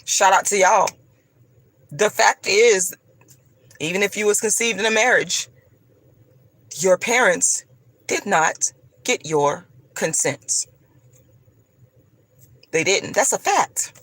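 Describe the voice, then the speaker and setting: Combative, profane woman with a bright, forceful voice. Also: medium pitch, slow, long pauses, no echo. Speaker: vlogger. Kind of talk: ranting monologue to camera.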